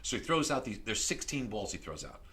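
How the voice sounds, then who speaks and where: A middle-aged man as a podcast guest, telling stories in a lively, animated way that grows loud and excited. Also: mid-range voice, brisk. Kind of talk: casual interview storytelling.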